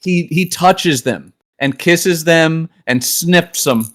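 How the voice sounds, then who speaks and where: Young male co-host, slightly high, deadpan sarcastic humor. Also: slow. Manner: dry, sarcastic deadpan jokes. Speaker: podcast co-host. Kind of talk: casual comedic chat.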